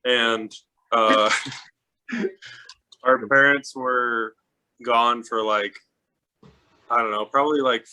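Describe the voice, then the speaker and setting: A man from Utah telling a family story in a casual, animated way, laughing and filling with "like". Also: medium pitch, drawn-out words, pauses often. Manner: animated, laughing, lots of "like" fillers.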